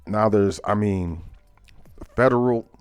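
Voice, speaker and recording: A man's voice: fairly low pitch, slow, clear, resonant tone, no echo, soft background music. A man hosting a casual current-events talk show, reading headlines aloud and breaking into laughter with loose asides. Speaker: host.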